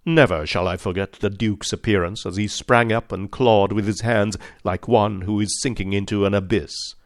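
A man narrating an audiobook in a measured, formal manner. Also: lowish voice, fairly even intonation, dry recording, studio quality.

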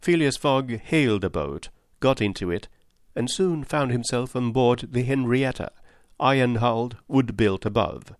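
In clean, dry studio sound, a man with a mid-range voice narrates a classic adventure novel from a script. His delivery is steady and measured, as suits an audiobook.

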